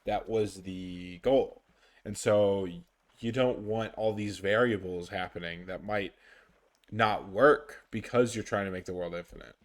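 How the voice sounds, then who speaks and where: Slow, rambling young-sounding man gaming. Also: lowish voice, steady tone. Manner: rambling, filler-heavy, unhurried. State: sleepy, yawning. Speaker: gaming YouTuber. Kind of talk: casual gameplay commentary.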